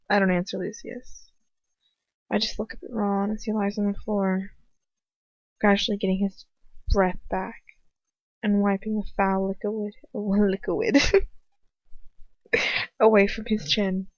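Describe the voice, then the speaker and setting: A woman's voice: medium pitch, little pitch movement, a little slow, long pauses, darkish tone, no room sound. Woman reading a story aloud, dull lo-fi sound. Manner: earnest, with occasional slips and restarts. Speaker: audiobook reader. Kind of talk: first-person fan fiction narration. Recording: dull lo-fi home recording.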